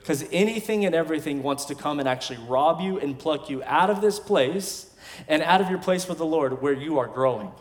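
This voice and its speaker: A man in his thirties, a pastor, preaching a sermon in emphatic bursts with quiet asides between. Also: a little high, animated, a little fast. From West Texas. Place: large church sanctuary. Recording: long hall reverb from a church sanctuary.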